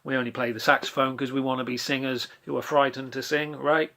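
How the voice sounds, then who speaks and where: A male saxophone teacher giving a relaxed lesson, chatting casually and scat-singing rhythm syllables to demonstrate, with self-deprecating asides. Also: medium pitch, a little fast. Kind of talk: relaxed instructional talk.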